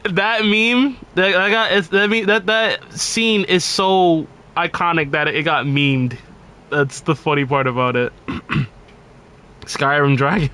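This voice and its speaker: Bright-voiced laughing game streamer man. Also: on the high side. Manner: chatty, laughs often, swears casually. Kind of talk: casual live-stream gameplay chat.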